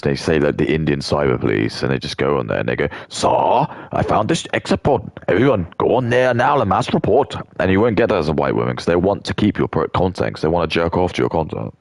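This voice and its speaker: A man's voice: rumbling low, animated, fast talker, creaky, no echo. A man streaming a game, talking in casual, rambling, crude chat full of fillers. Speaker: gaming streamer. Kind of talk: casual live-stream chat while gaming.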